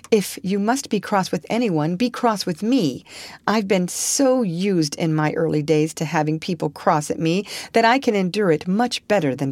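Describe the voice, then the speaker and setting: A woman's voice: on the low side, a little mellow, dry recording. A woman voicing an impulsive, talkative orphan girl who pleads eagerly and earnestly.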